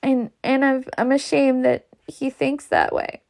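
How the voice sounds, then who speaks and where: A woman voicing a gentle, earnest young Southern lady who stumbles over her words. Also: on the high side, measured pace, vocal fry. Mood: tearful.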